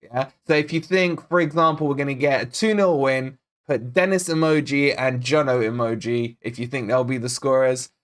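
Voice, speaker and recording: A medium-pitched man born in Scotland speaks at normal speed with hardly any pauses while hosting a live football watch-along for his fan channel. Chatty and excitable, he reads out viewer comments, names, and predictions.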